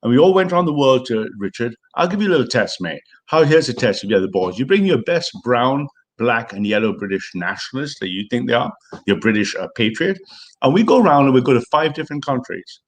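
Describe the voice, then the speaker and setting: A man's voice: medium pitch, sing-song, brisk. A male host reacting to a clip, ranting sarcastically with frequent swearing. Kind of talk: angry reaction commentary.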